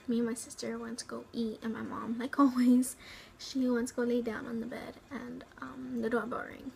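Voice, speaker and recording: Recorded roughly at home, a South Texas vlogger from the Rio Grande Valley shares a personal story, her slightly high, gravelly voice carrying a darkish tone. She wanders and pauses, leaning on "um" and "like," and at times drops nearly to a whisper over a faint background hiss.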